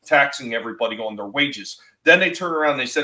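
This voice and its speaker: A man's voice: mid-range voice, expressive, quick pace, hardly any pauses, sharp tone, echoey room, rough recording. A man hosting a live stream, ranting with strong opinions and reading out chat comments. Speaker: stream host.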